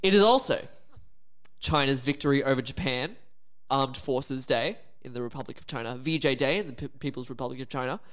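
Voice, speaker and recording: A man's voice: mid-range voice, fairly quick. A playful man co-hosting a podcast in casual chat. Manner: playful, lively, laughing between lines. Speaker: podcast co-host.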